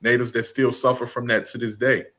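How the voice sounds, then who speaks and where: A man's voice: medium pitch, little pitch movement, a little fast, sharp tone. Guy ranting his views, blunt and emphatic, lots of restarts, middle voice. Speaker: host of commentary channel. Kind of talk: casual opinion talk.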